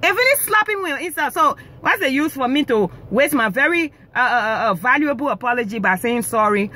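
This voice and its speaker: Animated high-voiced woman from Africa. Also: brisk. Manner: animated, indignant ranting with frequent repetitions. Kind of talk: casual monologue to camera.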